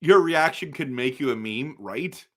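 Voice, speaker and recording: A man hosting a casual live stream for viewers, excitable and exasperated, breaking into loud outbursts. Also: medium pitch, measured pace. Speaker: livestream host.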